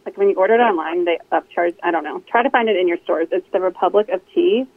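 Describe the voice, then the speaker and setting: A woman co-hosting a podcast, chatting quickly and enthusiastically. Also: lowish voice, dry recording. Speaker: podcast co-host. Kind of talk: casual chat. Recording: tinny phone line.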